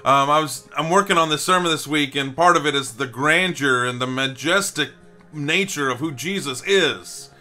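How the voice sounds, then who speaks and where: A man's voice: fairly high pitch, normal speed, bright, forceful tone, soft background music. A male pastor giving a short video devotional in an earnest way, building to emphatic repetition.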